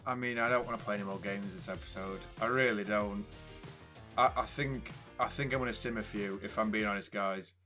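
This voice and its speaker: A man's voice: lowish voice, steady tone, a little fast, bright, forceful tone, faint music behind. A young man commentating a football video game casually, swinging between hype and frustrated ranting. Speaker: gaming YouTuber.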